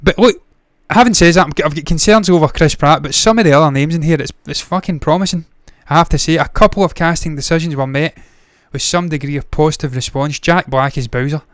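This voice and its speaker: Male movie-news host, fairly high voice, smooth and dry; swears freely and rambles off on tangents. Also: fast talker, few pauses, dry recording. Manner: blunt, profane, rambling with tangents. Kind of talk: casual solo commentary.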